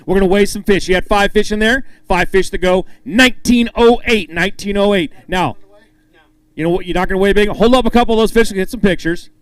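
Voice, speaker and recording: Fast and high-pitched with fairly even intonation, this emcee's voice is recorded dry. He calls up anglers at a fishing tournament weigh-in, reads their weights, and jokes with them on stage, upbeat and hyping each.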